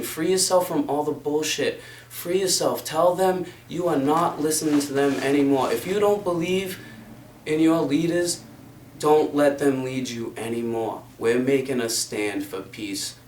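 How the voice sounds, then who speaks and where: In a mid-range voice, a young man launches into an impassioned, preachy rant at the camera, cursing throughout. A distant mic makes it sound roomy, with a little hiss or hum.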